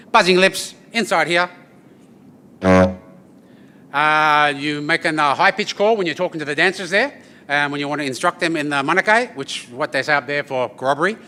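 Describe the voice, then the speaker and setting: An Australian man tells humorous stories to a live audience in a bright, forceful voice that sits high for a man. He keeps it loose and chatty, tossing "yeah?" and "eh?" to the room. He moves between jokes and demonstration at an event. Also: a little hiss or hum. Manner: joking, chatty, often ends with "yeah?" and "eh?". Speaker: artist giving a talk and didgeridoo demonstration. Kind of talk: humorous storytelling presentation. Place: corporate event space at a briefing.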